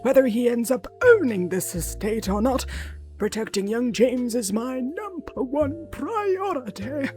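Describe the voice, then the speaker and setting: A woman's voice: on the high side, animated, a little slow, darkish tone, faint music behind, voice pushed up. A woman voicing a prim, easily offended old male butler who speaks in a stiff, formal way. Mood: indignant.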